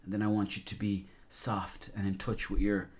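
A man's voice: lowish voice, monotone, normal speed, lightly acted. A man doing a bossy, sweary fitness guru. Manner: loud and commanding, sweary. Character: bossy male fitness-obsessed podcaster barking orders.

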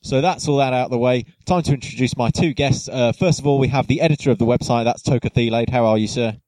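A man's voice: medium pitch, fast talker, a little mellow, dry recording, poor audio. A man hosting a casual football podcast, chatty and friendly, with fillers and restarts. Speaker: podcast host.

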